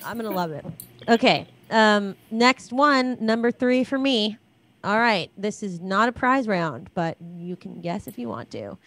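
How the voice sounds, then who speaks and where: A woman's voice: mid-range voice, animated, measured pace, a bit bright. A woman co-hosting a live stream, chatting and teasing with a laugh. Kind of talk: casual chat.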